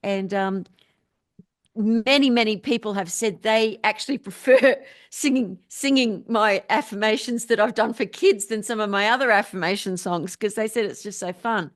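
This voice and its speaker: Guesting on a podcast, this middle-aged musician and spiritual teacher keeps the casual interview chat upbeat, laughing frequently through her stories. She speaks at normal speed in a medium pitch.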